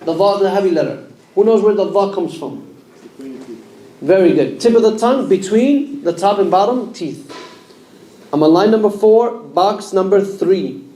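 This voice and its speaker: A man's voice: sits high, animated, normal speed, pauses often, dark tone. A man teaching Quran pronunciation in a mosque class, sounding out letters and quizzing his students with questions. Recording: echoey room.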